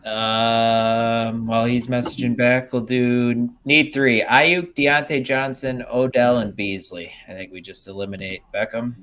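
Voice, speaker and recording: A man of middle pitch co-hosting a podcast. He talks in short, brisk bits, reading questions and giving quick answers in casual chat. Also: fairly even intonation, fairly bright tone. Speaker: podcast co-host.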